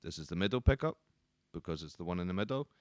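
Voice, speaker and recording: Guy teaching guitar basics, low-ish voice, lots of ums, dry close sound. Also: fast talker, dry recording. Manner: relaxed, with frequent ums and restarts. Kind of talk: casual instructional explanation.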